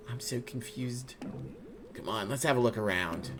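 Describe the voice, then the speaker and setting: A man's voice: mid-range voice, normal speed, background noise. A man streaming a game, joking and chatting casually, swearing now and then.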